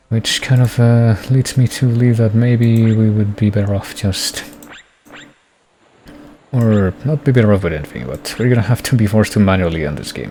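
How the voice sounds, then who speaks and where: Gravelly, wry male streamer. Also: lowish voice, a little mellow. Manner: wry, rambling, chuckling asides. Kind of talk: casual game commentary.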